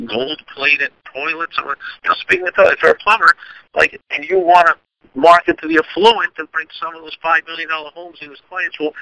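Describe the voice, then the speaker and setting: Man, podcast host, solo advice monologue, rambling and chatty, very bright cutting tone, dry close sound. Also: a little high, no echo, low-quality recording. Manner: rambling, conversational, frequent restarts and asides.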